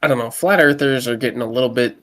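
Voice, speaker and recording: Laid-back joking man, mid-pitched. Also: fast, fairly bright tone. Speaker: podcast co-host. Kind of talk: casual chat.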